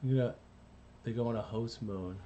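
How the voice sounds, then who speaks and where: A man's voice: mid-range voice, moderate pace, dark tone, lo-fi sound, a little hiss or hum. A man, an animator, chatting casually on a live stream while he works, rambling and talking to himself. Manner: rambling, self-talk while working.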